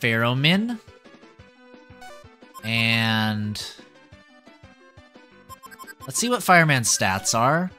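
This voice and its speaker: A young man giving excitable live commentary as a streamer, yelping and groaning at the game. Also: mid-range voice, drawn-out words, pauses often, faint music behind. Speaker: VTuber streamer.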